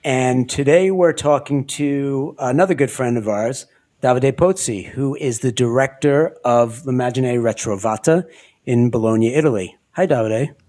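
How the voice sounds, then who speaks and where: A man hosting an interview podcast, talking in an animated way and laughing often. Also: medium pitch, normal speed. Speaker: podcast host. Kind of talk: conversational interview.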